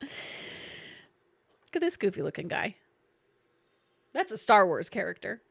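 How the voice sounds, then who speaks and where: A Southern woman livestreams a game and banters playfully with her viewers, reacting and greeting chat. Her medium-pitched voice is husky, creaky, fairly bright and very animated, slow-paced and recorded dry.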